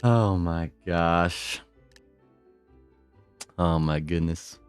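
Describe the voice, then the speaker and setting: A man giving live gameplay commentary as a streamer, excitable, repeating short phrases and exclaiming often. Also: sits low, very slow, clean tone, soft background music. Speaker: game streamer.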